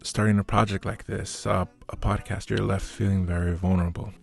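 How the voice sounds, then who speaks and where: A man's voice: sits low, flat delivery, brisk, creaky. A man co-hosting a podcast, talking earnestly and candidly with some light joking. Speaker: podcast co-host. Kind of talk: casual podcast introduction. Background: faint guitar music.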